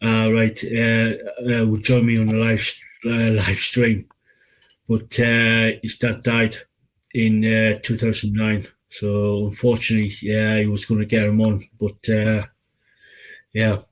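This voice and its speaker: A man's voice: fairly low pitch, completely flat delivery, unhurried, low-quality recording. A man hosting a casual live-stream interview on a video call, talking hesitantly and full of fillers. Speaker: host. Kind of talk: casual chat.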